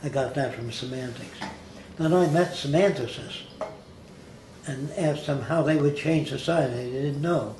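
This older man has a medium-pitched, slightly slow voice with a darkish tone. He tells stories from his own life in a blunt, conversational way, sometimes mimicking the accents of people he quotes. The recording sounds roomy, with a faint hiss in the background.

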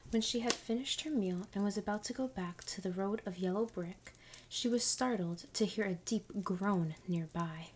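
A woman reading a storybook aloud in a soft, unhurried whisper as whispered role-play ASMR. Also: mid-range voice, slightly rough.

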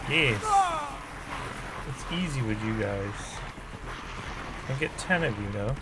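A man's voice: lowish voice, animated, slow pace, long pauses. A man giving casual gameplay commentary, swearing freely and coaxing enemies along with repeated calls. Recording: commentary over noisy game audio.

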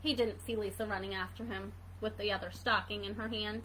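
A woman's voice: mid-range voice, fairly even intonation, fairly quick, very noisy. A woman reading a picture book aloud to children, asking playful questions about the pictures. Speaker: reader for children.

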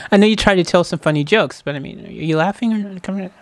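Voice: mid-range voice, very noisy. A music reaction host in casual commentary, joking and teasing the viewers in a playful way. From United States.

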